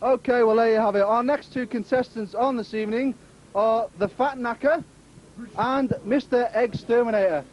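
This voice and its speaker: A man's voice: very high-pitched, moderate pace, noisy background. A man acting as master of ceremonies, giving jokey, theatrical mock sports commentary at a crowded indoor event. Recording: muffled amateur video with loud crowd.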